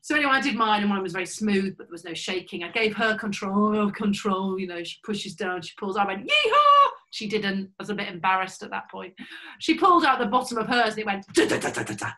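A woman tells an anecdote with lots of energy. Her voice is bright and clear. She acts out the other people's lines as she goes. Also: medium pitch, quick pace, low-quality recording. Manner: lively, animated storyteller who acts out voices. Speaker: former RAF pilot and speaker. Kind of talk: anecdotal storytelling in conversation.

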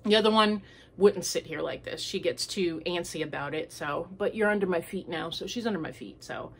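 A woman's voice: lowish voice, a little fast, slight background noise. A woman chats casually as the host of a homemade crafting podcast. She rambles and wanders through her thoughts. She speaks from home, in an easygoing, unscripted way. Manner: chatty and rambling, with many fillers. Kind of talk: casual chat.

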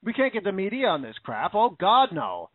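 Indignant high-voiced American man ranting. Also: wildly swooping pitch, moderate pace, no echo. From United States. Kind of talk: opinion rant. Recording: dry, phone-like narrow audio.

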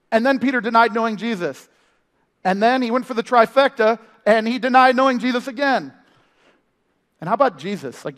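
A man preaching a sermon as family ministry pastor, telling stories with playful impressions and humor. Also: high-pitched. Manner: animated storytelling with impressions and humor. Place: church. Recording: live sermon in a reverberant hall.

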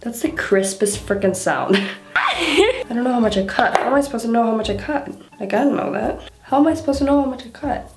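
A woman's voice: on the high side, sing-song, a little fast, music in the background. A woman chatting casually and giggling nervously in a home vlog, swearing freely. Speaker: beauty vlogger. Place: bathroom at home. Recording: echoey small bathroom.

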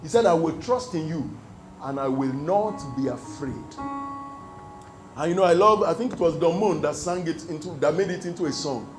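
A man's voice: a little high, moderate pace, echoey room, over music, rough recording. A male pastor preaching a sermon, reading scripture and putting questions to the congregation for them to answer. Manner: emphatic call-and-response preaching.

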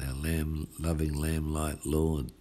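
A male pastor with an Australian accent preaches a midweek sermon in a chatty, folksy way, often asking his listeners "hey?". His voice is very low and mellow, and he talks at an unhurried pace. A faint ambient hum sits behind him. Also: flat delivery.

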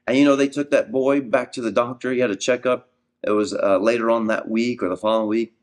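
A man's voice: mid-range voice, fairly even intonation, quick pace. A man in his forties, a minister, tells a personal healing story in an earnest preaching talk and repeats words as he starts his thoughts.

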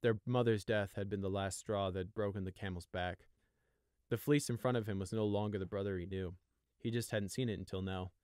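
A man reading a story aloud in a steady, even storytelling voice. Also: lowish voice, a little fast, clean tone, no echo, studio quality. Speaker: audiobook narrator. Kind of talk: storybook narration.

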